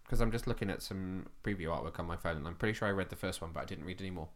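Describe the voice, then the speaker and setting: A man co-hosting a podcast asks lots of curious questions in a casual conversation about comics. His voice is low and he speaks very fast.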